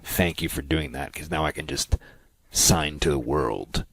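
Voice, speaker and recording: A man co-hosting a podcast in casual banter, making playful, deadpan comic threats. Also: very deep voice, a little slow, gravelly, breathy edge, dry recording. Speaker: podcast co-host.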